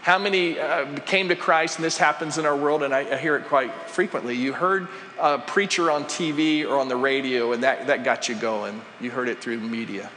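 A man's voice: medium pitch, moderate pace, hardly any pauses, bright, forceful tone, a little hiss or hum. A man preaching a sermon as pastor, chatty and conversational, putting questions to the congregation. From United States. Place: church sanctuary. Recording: live church hall with long reverb.

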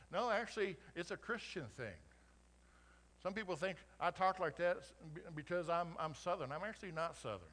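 A middle-aged pastor from Colorado with a slight Oklahoma twang, preaching conversationally and climbing to emphatic peaks. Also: male voice, sits high, big pitch swings, fairly quick, pushed and bright. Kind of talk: sermon.

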